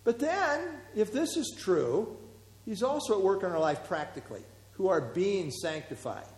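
Male pastor, high-pitched, chatty verse-by-verse sermon, long reverb of a large hall. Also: sing-song, normal speed. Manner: conversational, with fillers and asides. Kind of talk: expository Bible teaching. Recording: echoey hall.

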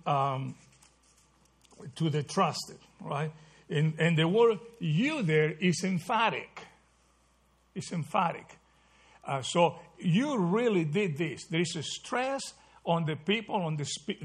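A man with a slightly husky, somewhat high voice leads a Bible study. He asks his group question after question and keeps checking in with "right?" as he walks them through the verses. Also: fairly bright tone. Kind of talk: interactive Bible study teaching.

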